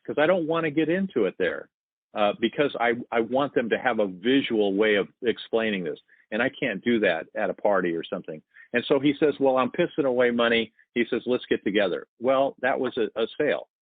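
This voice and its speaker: A man's voice: mid-range voice, animated, brisk, dry recording. Man in his sixties telling sales stories, tinny line. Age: 60s. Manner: storytelling, acts out quoted dialogue. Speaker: sales guest. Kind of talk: casual podcast chat. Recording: tinny phone-like line, dry.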